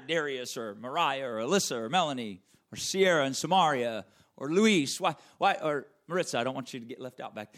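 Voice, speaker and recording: A man's voice: high voice, fairly bright tone. A male pastor preaching a sermon, emphatic and repetitive, calling on listeners by name. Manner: emphatic, repeats phrases, calls on listeners by name.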